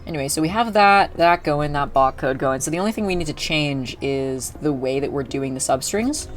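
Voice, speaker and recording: A young man with a slightly high, expressive voice talks at normal speed over soft background music while he streams a video game. His casual chat rambles, with lots of fillers and self-interruptions.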